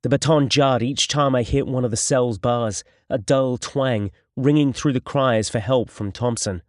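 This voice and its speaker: A man narrating an audiobook in the first person, with steady, measured storytelling. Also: mid-range voice, no echo, clean studio sound.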